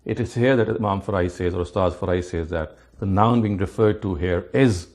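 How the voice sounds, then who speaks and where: A man teaching scripture, explaining word meanings methodically, with frequent restarts and rapid recitation of verses. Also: sits low, darkish tone. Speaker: religious teacher.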